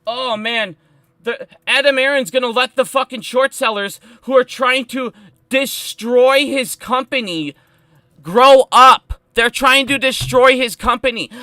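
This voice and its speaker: A man's voice: extremely high pitch, a little slow, sharp tone, dry recording. A man ranting heatedly on a live stream, profane and emphatic as he talks about stocks.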